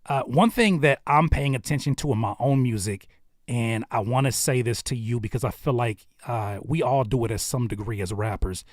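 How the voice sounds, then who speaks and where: A man's voice: medium pitch, normal speed, dry recording, studio quality. A man hosting a livestream, giving casual, slangy feedback on viewers' music and thinking aloud as he goes. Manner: laid-back, conversational, slangy, thinks aloud with restarts.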